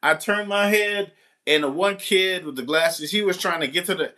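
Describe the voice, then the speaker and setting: Bright-toned man telling a rambling story. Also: high voice, moderate pace, a little hiss or hum. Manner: animated, rambling storyteller with frequent restarts and casual swearing. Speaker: substitute teacher. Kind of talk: casual storytelling to camera.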